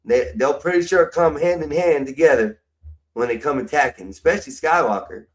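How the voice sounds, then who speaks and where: A man's voice: mid-range voice, lively intonation, brisk, far from the mic. A middle-aged man, rambling profanely and casually to his livestream audience. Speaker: livestream host.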